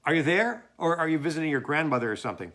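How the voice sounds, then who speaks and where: A man's voice: on the high side, big pitch swings, racing, heavy background noise. A man reading the part of an earnest, jealous young man in a staged play reading, scolding and then apologizing. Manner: scolding and self-reproaching, loud in spurts. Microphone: home mic.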